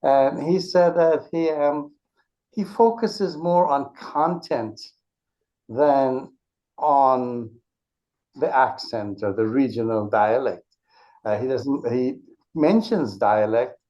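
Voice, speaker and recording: A man's voice: medium pitch, slow, dark tone. Earnest man explaining, muffled lo-fi sound. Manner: thoughtful, explains with examples, frequent restarts. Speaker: author and speech teacher, interview guest. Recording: dull lo-fi recording.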